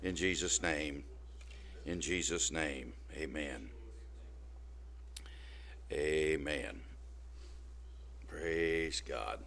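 A man's voice: a bass voice, drawn-out words, creaky, pauses often, a bit bright, a little hiss or hum. A man preaching an informal sermon, talking conversationally and often checking in with his listeners.

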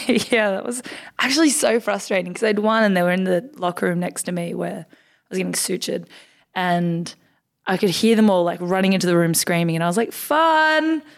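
A woman's voice: on the low side, fairly even intonation, fairly quick, vocal fry. A young Australian woman in her twenties, a basketball player chatting as a podcast guest, telling stories in an upbeat way with lots of "like" and "um". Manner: chatty, upbeat storyteller with frequent "like" and "um". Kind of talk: casual interview chat.

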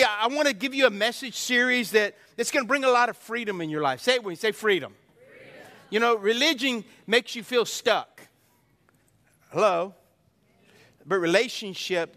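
Pastor, man, high bright tone, folksy call-and-response preaching in a reverberant church. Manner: folksy, repetitive, calls for congregation response. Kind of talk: sermon. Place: church sanctuary.

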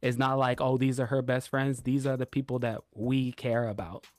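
A man co-hosting a podcast, telling a long story in a relaxed way and acting out what others said. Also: medium pitch, normal speed, no echo. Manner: laid-back storytelling, retelling quotes. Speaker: podcast co-host. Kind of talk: casual chat.

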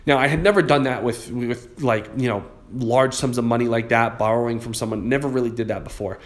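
A man, a real estate investor and public speaker, telling a motivational story in a conversational way, often repeating words as he goes. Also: medium pitch.

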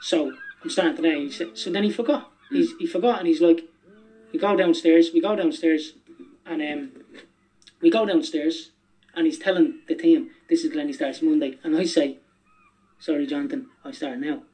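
Podcast guest: a higher-pitched man spinning rambling, profane anecdotes. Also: warm tone, low-quality recording. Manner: rapid, rambling, swears freely. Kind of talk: casual storytelling.

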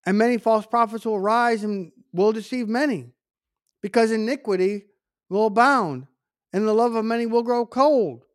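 A man's voice: sits high, normal speed, dry recording, clean studio sound. A man preaching a sermon in an emphatic, conversational way, full of asides and repeated phrases.

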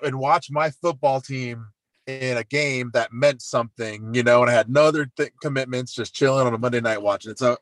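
A man co-hosting a casual sports podcast, talking about his football team in a chatty, relaxed, self-deprecating way. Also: mid-range voice, brisk, dry recording. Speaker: podcast co-host.

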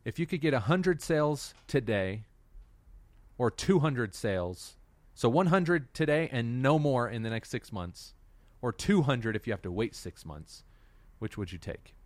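A man's voice: mid-range voice, animated, unhurried, no echo. A man hosting a casual chat, putting questions to his co-hosts and laughing often. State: out of breath.

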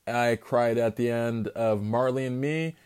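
A man's voice: mid-range voice, steady tone, a little slow, darkish tone, clean tone. Profane, rambling man hosting a podcast. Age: adult parent. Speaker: podcast host. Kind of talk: solo podcast monologue.

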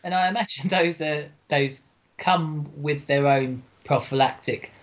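Dry-witted podcast host. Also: male voice, a little high, a little slow, dull audio. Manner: dry joking asides and absurd riffs. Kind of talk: casual chat.

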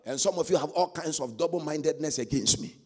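A man preaching a sermon as pastor, swinging from quiet asides to loud shouted exhortation. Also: a little high, fast, breathy edge.

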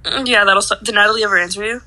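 Bright-voiced young woman chatting casually. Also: medium pitch, very fast, poor audio. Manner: chatty, frequent "like" and cursing. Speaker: podcast host. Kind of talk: casual chat.

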